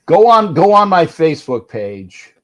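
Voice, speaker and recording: A man's voice: a little high, very animated, unhurried, a bit bright. A man hosting a casual livestream from home, grumbling and irritated, often repeating and restarting his phrases. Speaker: livestream host.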